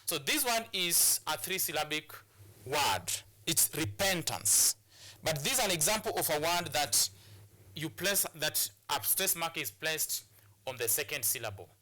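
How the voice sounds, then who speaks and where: Male TV teacher, bright and slightly high voice, stop-start and repetitive delivery. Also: animated, normal speed. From Kenya. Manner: repeats phrases, stop-start explaining. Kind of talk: classroom lesson on TV.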